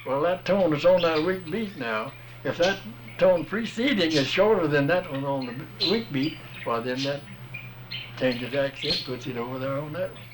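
A man's voice: on the high side, normal speed, background noise. A man in a casual recorded conversation, explaining rhythm and accents in a plain-spoken, folksy, patient way. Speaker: music teacher explaining rhythm.

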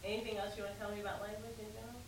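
A woman's voice: medium pitch, flat delivery, very fast. A woman interviewing a man about dialect, asking short prompts. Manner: brief prompts and backchannels. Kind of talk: casual interview. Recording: roomy, distant mic with hiss.

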